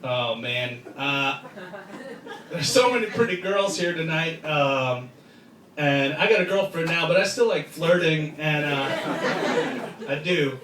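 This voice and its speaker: Brash stand-up comic in an echoey club. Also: male voice, a little high, lively intonation, a little slow, pauses often, far from the mic, very noisy. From United States. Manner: brash, crude, mocking punchlines with voiced asides. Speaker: stand-up comedian. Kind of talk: stand-up comedy set. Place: comedy club stage before a live crowd. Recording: roomy club sound, loud crowd laughter.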